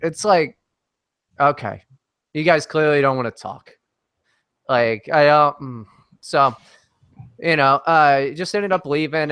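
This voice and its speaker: A man on as a guest in a casual podcast chat, telling a story in a brash, profane, animated way. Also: medium pitch, dry recording.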